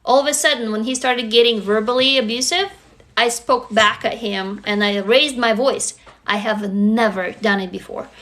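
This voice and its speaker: A Russian woman in her forties, speaking with a Russian accent, chats casually on a live stream, candid and encouraging toward her viewers and swearing freely. Her voice sits at a medium pitch with a fairly bright tone.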